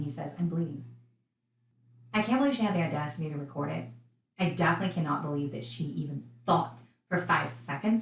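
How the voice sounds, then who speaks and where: A woman's voice: medium pitch, echoey room, rough recording. A woman casually recounting a true crime case, chatty and indignant in her asides.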